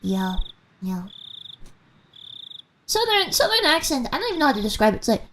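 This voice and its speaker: A woman's voice: high voice, normal speed, a little hiss or hum. A young woman with a slight American mountain accent, chatting casually and giggling with viewers during a game stream. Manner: rambling, giggly, animated.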